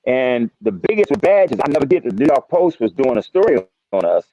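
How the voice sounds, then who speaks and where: A man's voice: medium pitch, sing-song, a little fast, warm tone. A man telling his story as a podcast guest, emphatic and repetitive, often restarting his sentences. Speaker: guest, retired federal marshal. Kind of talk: casual storytelling interview. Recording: dry, slightly dull sound.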